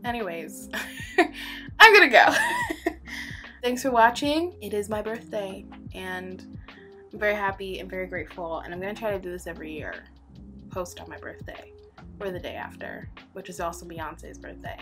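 A young woman in her twenties chats to camera in a loose, rambling vlog, breaking into laughter often and sounding close to tears. Her pitch sits in the middle of the usual range. Background music plays clearly under her voice. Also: lively intonation, normal speed, sharp tone. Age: 20s. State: holding back tears. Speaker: vlogger. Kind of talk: casual personal vlog.

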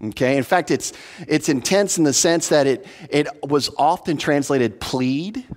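A man's voice: on the high side, measured pace. A man preaching an expository sermon as pastor, earnest and teacherly, stressing points by repeating them. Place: church hall. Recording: long hall reverb.

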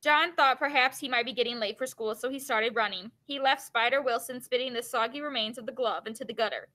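A woman reading a children's chapter book aloud, pausing to explain the story in plain, casual words. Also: fairly high pitch, bright, forceful tone, poor audio.

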